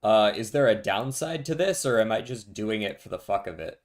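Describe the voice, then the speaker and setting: A man's voice: on the low side, animated, normal speed. A young man streaming a card game, giving dry, sarcastic commentary and swearing freely. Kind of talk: casual gameplay commentary.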